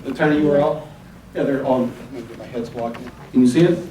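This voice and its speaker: A man hosting a live town hall, rambling and urging the audience, spelling out web addresses slowly. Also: mid-range voice, warm tone, a little hiss or hum. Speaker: event host. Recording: echoey hall from far off.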